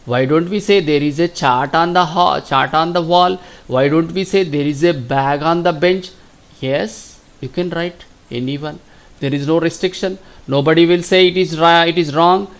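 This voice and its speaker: A middle-aged man from India with a Telugu accent, giving a slow classroom lesson that repeats each question and answer. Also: a little high, clear, resonant tone. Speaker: teacher.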